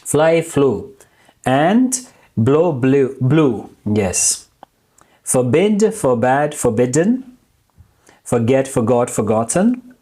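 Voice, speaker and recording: A man teaching English in a recorded lesson, slowly drilling verb forms and repeating each one deliberately. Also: medium pitch, big pitch swings, warm tone.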